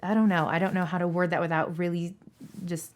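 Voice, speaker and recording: Candid woman in her thirties, slightly low. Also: little pitch movement, a little fast. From Seattle, Washington State. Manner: candid and earnest, with emphatic repetition. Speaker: dispatcher. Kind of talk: interview answers.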